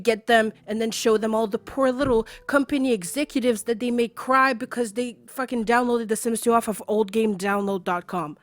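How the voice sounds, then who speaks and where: A woman's voice: a little high, fairly even intonation, moderate pace, no echo. A woman streaming from home, ranting angrily to her chat with swearing and sarcasm, repeating her points for emphasis. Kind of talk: angry rant to a live stream chat.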